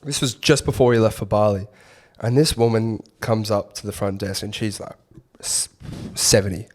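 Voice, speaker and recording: A young Australian man co-hosting a podcast, relaxed and easygoing, telling stories in casual chat. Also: fairly low pitch, moderate pace. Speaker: podcast co-host.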